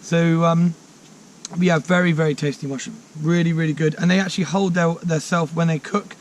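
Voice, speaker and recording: Brief: forager, man, higher-pitched, upbeat and chatty, recorded outdoors. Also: steady tone, normal speed. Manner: enthusiastic, chatty, many fillers. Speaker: mushroom forager and course teacher. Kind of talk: casual outdoor explanation. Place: outdoors in woodland.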